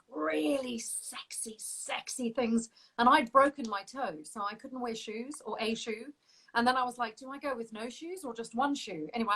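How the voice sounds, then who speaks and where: Chatty woman host, a bit high. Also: a bit bright, poor audio. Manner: quick, laughing, chatty. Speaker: interview host. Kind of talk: casual interview chat.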